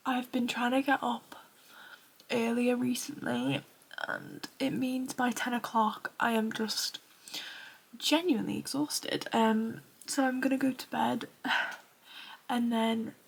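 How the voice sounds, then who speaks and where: A young woman in her twenties with a Northern English accent, chatting casually in a tired, soft, half-whispered voice at home at night. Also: on the high side, expressive, takes it slowly, gravelly, husky. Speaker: running vlogger. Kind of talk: casual vlog chat.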